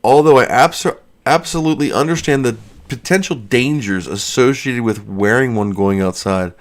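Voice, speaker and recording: A man's voice: mid-range voice, moderate pace. A man hosting a casual livestream from his basement studio, rambling and joking as he answers chat questions. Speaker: livestream host.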